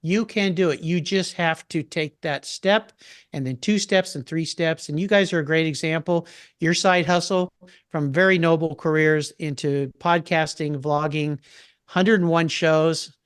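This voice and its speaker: A man's voice: a little high, steady tone, measured pace, clean tone, no echo, clean studio sound. An older man chatting as a podcast guest, telling stories with enthusiasm. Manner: enthusiastic, storytelling. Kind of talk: casual interview chat.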